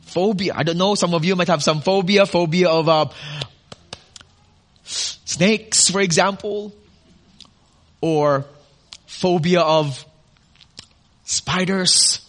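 Male pastor, high bright voice, expressive sermon with questions to the room. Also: takes it slowly, long pauses. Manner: expressive preaching with rhetorical questions and audience asides.

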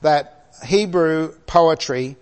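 A man's voice: fairly high pitch, very slow, darkish tone, clean tone. An older man preaching a sermon, telling a personal story with light chuckles and asking his listeners questions. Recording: long hall reverb.

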